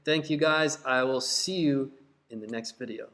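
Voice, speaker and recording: A man's voice: medium pitch, normal speed, fairly bright tone. A man hosting a crypto video channel, talking straight to his viewers in an emphatic, heated way and repeating his points. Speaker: crypto YouTube host and course seller. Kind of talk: direct-to-camera vlog talk.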